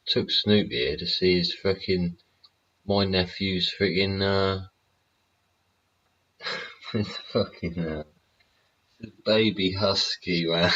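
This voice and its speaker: A man's voice: sits low, fairly bright tone. A man, hosting his own show, rambling casually with constant swearing and chuckles. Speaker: host. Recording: slightly dull lo-fi audio with faint ambience.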